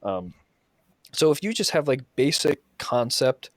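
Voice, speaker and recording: A man's voice: medium pitch, sing-song, unhurried, no echo, clean studio sound. Swearing man ranting about coaching. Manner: profane, heated storytelling. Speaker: podcast host and soccer coach. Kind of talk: casual podcast chat.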